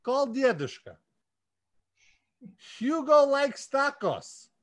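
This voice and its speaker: A man putting on a mock Russian accent to call out fan shoutouts loudly in a sing-song, drawn-out way. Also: very high voice, very animated, voice pushed up, full character voice. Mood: hammy. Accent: put-on Russian. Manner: loud, sing-song, drawn-out name calling.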